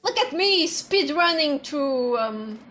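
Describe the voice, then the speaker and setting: A woman's voice: high-pitched, animated, slow, sharp tone. A woman streaming a game, chatting playfully with her viewers and swearing often. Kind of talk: casual game-stream chat. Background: faint background music.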